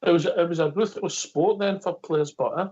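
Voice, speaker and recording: Male radio host, brief prompts, slightly high voice, muffled lo-fi sound. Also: normal speed, darkish tone, husky. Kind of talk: radio interview. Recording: dull lo-fi sound.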